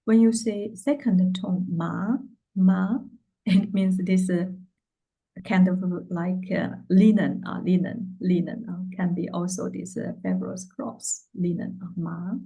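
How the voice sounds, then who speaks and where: A woman's voice: lowish voice, steady tone, unhurried, vocal fry, mellow, husky, poor audio. A Mandarin teacher, a woman with a Chinese accent, explaining tones in English with many hesitations and Chinese fillers. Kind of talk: casual online language lesson.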